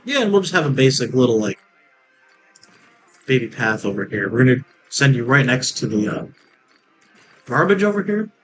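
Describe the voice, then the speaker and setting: A man talking through a theme park building game in a loose, rambling way. He cracks jokes and laughs at them as he goes. His pitch sits in an ordinary middle range, with soft game music under his voice. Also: big pitch swings, moderate pace, long pauses, low-quality recording. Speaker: let's play gamer. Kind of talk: casual gameplay commentary.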